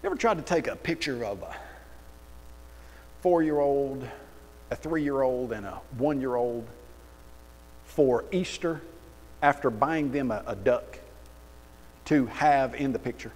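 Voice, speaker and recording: A man preaching a sermon in an animated, sarcastic storytelling way. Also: medium pitch, measured pace, pauses often, in a large hall, rough recording. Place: church auditorium.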